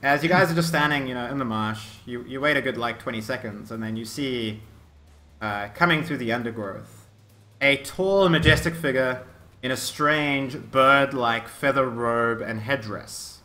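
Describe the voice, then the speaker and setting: A man running a tabletop game as game master, describing each scene vividly. He often restarts his phrases. His voice has a bright, forward edge. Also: medium pitch, normal speed.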